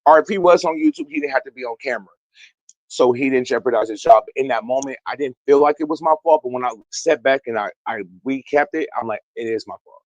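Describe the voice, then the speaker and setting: A man's voice: medium pitch, fast, dry recording, highs cut off. Profane, rambling young man calling in. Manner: profane, emphatic, rambling and defensive. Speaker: guest. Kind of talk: heated online call-in talk. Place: outdoors.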